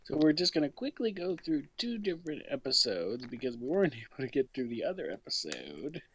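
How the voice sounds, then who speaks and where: A man co-hosts a comedic podcast in loose, joking chat. He talks bluntly and teases with plenty of swearing. His voice is a touch husky and moves up and down freely. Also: mid-range voice, sing-song, fairly quick, fairly bright tone. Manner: blunt, teasing and profane. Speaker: podcast co-host.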